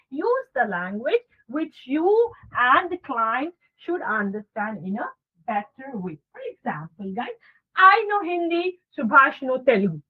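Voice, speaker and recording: A woman teaching a communication skills class on a video call, acting out sample dialogues and checking in with her students. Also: sits high. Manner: animated, acts out sample dialogues, checks in with "okay" and "guys". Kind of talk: online class lecture. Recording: tinny phone-like online class audio.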